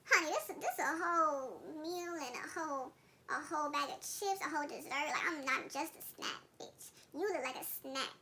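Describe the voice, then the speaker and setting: A woman's voice: lively intonation, moderate pace, pushed and bright, heavily acted, rough recording. A woman putting on a sassy, confident voice for herself in a story. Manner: high-pitched sassy put-on voice.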